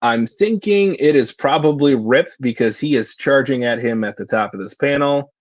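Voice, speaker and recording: A man's voice: mid-range voice, moderate pace, no echo, highs cut off. A man hosting a live stream, reading manga aloud and sharing thoughts with giggly, thinking-aloud asides. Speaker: reaction stream host.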